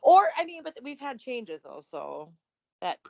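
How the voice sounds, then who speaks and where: A woman co-hosts a casual wrestling podcast. Her voice moves widely in pitch, and she chats in an animated way, often laughing and trailing off mid-thought. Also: unhurried, creaky. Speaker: podcast co-host.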